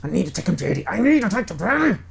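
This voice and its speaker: A man's voice: extremely high pitch, very animated, very fast, vocal fry, crowd noise, pitched above the performer's own voice, heavily acted. A man voicing a jittery, desperate male addict in a gang, pleading and frantic. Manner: frantic, pleading, foot-stamping.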